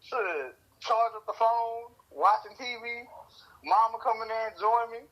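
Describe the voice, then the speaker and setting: A man's voice: extremely high pitch, unhurried, a bit bright, rough recording. A man from Louisiana co-hosting a podcast, chatting casually and telling stories with lots of laughs and cursing. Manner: storytelling with frequent laughs and cursing. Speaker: podcast co-host. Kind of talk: casual chat.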